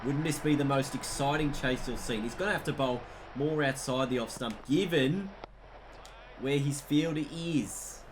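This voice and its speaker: A man with an Australian accent commentating a cricket video game as he plays, mixing play-by-play calls with excitable asides. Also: medium pitch, moderate pace, background noise. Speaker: gaming commentator.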